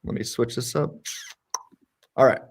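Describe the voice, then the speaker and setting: A man co-hosting a casual livestream debate, talking in an animated, sarcastic way. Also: measured pace. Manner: animated and sarcastic, jumps in pitch for emphasis. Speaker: co-host.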